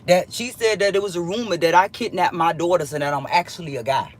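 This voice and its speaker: Husky woman telling a heated story. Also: fairly low pitch, fast. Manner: heated, emphatic, repeats lines for effect; swears freely. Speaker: vlogger. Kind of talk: casual storytelling to viewers.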